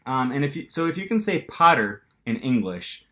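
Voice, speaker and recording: A man's voice: mid-range voice, sing-song, normal speed, fairly bright tone. A man with an American accent teaching pronunciation to camera in a casual manner, with frequent ums, and acting out the sounds himself. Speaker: language teacher.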